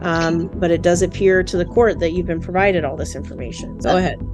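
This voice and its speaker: A woman's voice: lowish voice, steady tone, a little fast, music in the background. A woman judge speaking firmly and sternly in a court hearing, scolding a party for interrupting.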